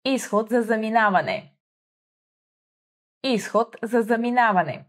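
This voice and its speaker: A woman hosting a vocabulary lesson, speaking slowly and clearly, prompting listeners to repeat words and encouraging them. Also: fairly high pitch. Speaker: language teacher host. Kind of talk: slow vocabulary drill lesson.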